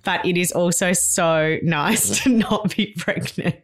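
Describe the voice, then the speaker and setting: A woman's voice: on the low side, slow. A woman, co-hosting a podcast in casual chat, laughing often. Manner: chatty, laughs often, acts out quoted voices. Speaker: podcast co-host.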